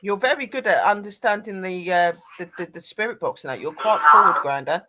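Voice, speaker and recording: A woman's voice: lowish voice, expressive, brisk, sharp tone, slight background noise, rough recording. A woman hosting a live paranormal panel chat, speaking tenderly to her late grandad through a spirit box.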